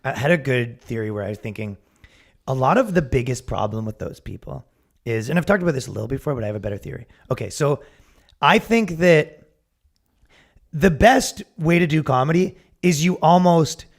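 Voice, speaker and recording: A man's voice: mid-range voice, expressive, a little fast, vocal fry. A man co-hosting a comedy podcast, chatting casually, rambling with restarts, swearing and acting out quotes. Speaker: podcast co-host.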